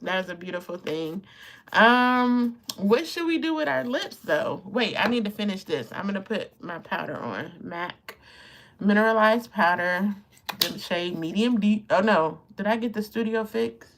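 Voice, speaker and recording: A woman around fifty hosts a casual live makeup chat. She talks warmly to her viewers, laughs often and gets emotional as she applies her makeup. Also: mid-range voice, lively intonation, measured pace. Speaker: beauty livestream host.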